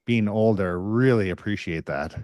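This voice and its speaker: A man hosting a podcast in a relaxed chat, nodding along with short agreements before sharing his own stories. His voice is fairly low. The sound is close and dry. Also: moderate pace, dry recording. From United States. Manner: affirming listener with frequent short agreements. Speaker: podcast host. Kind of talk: casual interview conversation.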